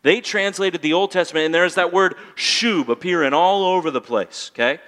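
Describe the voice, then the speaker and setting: A male pastor delivers a sermon in a church sanctuary, his voice a touch higher than most men's and ringing with a long hall reverb. He climbs to loud, emphatic peaks and then falls to a low, intent hush. He keeps calling on the congregation to answer him back. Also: moderate pace.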